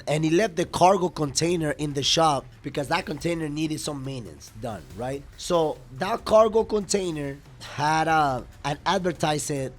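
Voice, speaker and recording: Man telling a rambling work story. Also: on the high side. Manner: rambling, profane, laughs between lines. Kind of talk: casual storytelling to camera.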